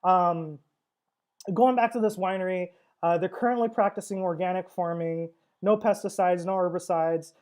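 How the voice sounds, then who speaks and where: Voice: mid-range voice, fairly even intonation, moderate pace, a little mellow. A wine seller hosting a casual livestream tasting, talking in a chatty, rambling way with frequent fillers and laughs.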